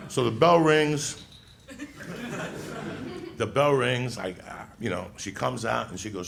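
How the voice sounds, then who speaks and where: A man's voice: mid-range voice, lively intonation, takes it slowly, creaky, long pauses, background noise. A man telling a rowdy childhood story on stage as a stand-up comedian, swearing and laughing as he goes.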